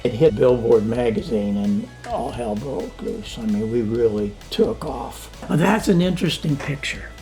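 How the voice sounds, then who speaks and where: An older man telling stories in a casual interview, acting out the dialogue as he goes. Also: mid-range voice. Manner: animated storyteller, acts out quoted dialogue. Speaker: interviewee, sound engineer. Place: home studio.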